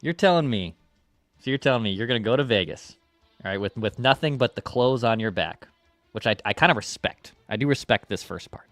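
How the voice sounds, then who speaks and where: Podcast co-host dude, jokey and ranty, dead dry sound, faint music behind. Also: male voice, mid-range voice, animated, a bit bright, no room sound. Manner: joking interjections, quick rants. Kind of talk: casual sports podcast banter.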